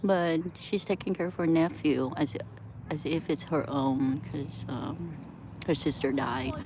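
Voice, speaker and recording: A woman's voice: sits low, measured pace, noisy background. A woman live-streaming from an outdoor seaside plaza, chatting in a rambling way, laughing often and breaking into sudden outbursts.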